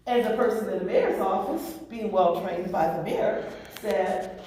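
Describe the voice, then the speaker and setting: A woman's voice: mid-range voice, moderate pace. Woman telling a story at a public meeting, does the voices, far from the mic, big echo. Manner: animated storyteller acting out quoted voices. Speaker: police trainer presenting to oversight board. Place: large meeting room. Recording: echoey room from far off. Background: strong echo.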